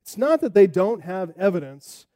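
A man preaching a sermon as pastor, expressive and full of rhetorical questions. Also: high-pitched, moderate pace.

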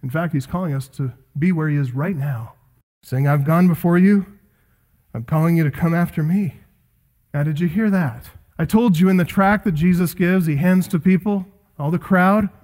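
A man's voice: a little high, a little mellow. A man preaching an expository sermon, building emphatic lists of phrases with rising intensity.

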